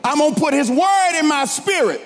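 A man preaching a sermon, leading the congregation in call-and-response and building to shouted lines. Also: very high voice, expressive, normal speed, a little hiss or hum. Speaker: pastor. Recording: long hall reverb.

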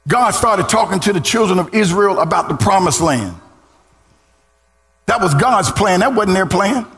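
A middle-aged man preaching a sermon as pastor, swinging into sung, shouted lines and calling on the congregation to respond. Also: high voice, animated, normal speed. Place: church. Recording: church hall reverb.

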